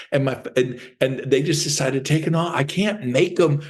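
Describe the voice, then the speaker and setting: A man's voice: mid-range voice, normal speed, vocal fry, a little mellow. A man giving a sales training talk as a real estate coach, telling stories with energy and acting out phone calls.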